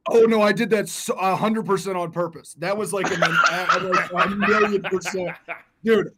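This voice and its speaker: A man's voice: sits high, moderate pace, heavy background noise. A man and comedian co-hosting, telling stories in casual podcast chat, keen and peppered with "dude". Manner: excited, punctuates with "dude". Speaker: comedian co-host.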